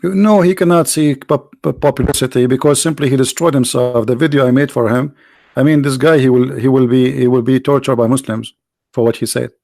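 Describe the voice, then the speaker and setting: Hoarse gravelly guy running a live debate stream, mocking and taunting, dry close sound. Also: mid-range voice, fairly even intonation, fairly quick, a little mellow, no echo. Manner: mocking, taunting, full of rhetorical questions. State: hoarse, losing his voice. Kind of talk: combative religious polemic commentary.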